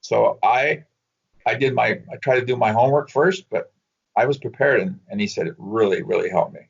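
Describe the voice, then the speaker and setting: Dull, lo-fi audio captures a former baseball hitting coach, an older man, in a relaxed interview. He tells meandering stories, often starting over and laughing. His mid-range voice is husky with vocal fry, at a moderate pace.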